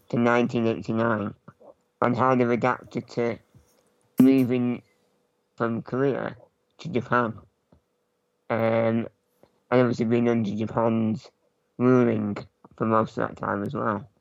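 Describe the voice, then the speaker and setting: A man chatting casually as a podcast co-host, relaxed and rambling, with many pauses. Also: medium pitch, gravelly, dry recording. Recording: slightly dull lo-fi mic.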